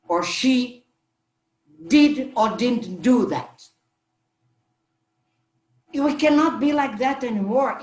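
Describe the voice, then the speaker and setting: Slow, earnest woman panelist. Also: fairly high pitch, echoey room. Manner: slow, earnest, halting with restarts. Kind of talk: panel discussion answer.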